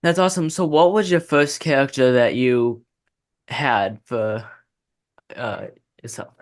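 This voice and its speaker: A man's voice: medium pitch, steady tone, measured pace. A man hosting a podcast interview, upbeat, asking questions with short affirmations. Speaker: podcast host.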